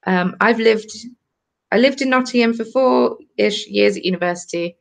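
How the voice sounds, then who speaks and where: A woman's voice: a little high, normal speed, creaky. A woman in her twenties with a southern English accent, chatting casually on a live stream while knitting and answering viewer comments. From southern England. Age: 20s. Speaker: crafting channel host. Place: cold home.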